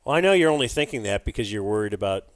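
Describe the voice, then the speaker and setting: A podcast co-host talks very fast in a fairly low voice with lively intonation. Livestreaming from a club, he chats about sports casually, rambling and using lots of fillers.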